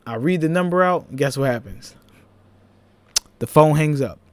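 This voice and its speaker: A young man with a Philadelphia accent, telling a personal story in a casual, animated vlog, with laughing asides. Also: on the high side, moderate pace, dry recording.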